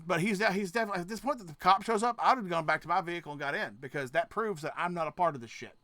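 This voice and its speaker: High, bright-voiced ranting man. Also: very fast. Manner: profane, ranting, swings between mutters and shouts; trailing off, restarting sentences. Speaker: reaction video host. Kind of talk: casual reaction commentary.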